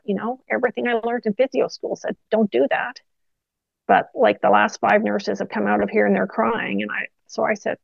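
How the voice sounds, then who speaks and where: Middle-aged woman guest, gravelly texture, dry dull recording, lively storyteller. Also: mid-range voice, moderate pace, no echo. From Canada. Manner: animated anecdotes with quoted dialogue. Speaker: physiotherapist guest. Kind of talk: casual interview storytelling.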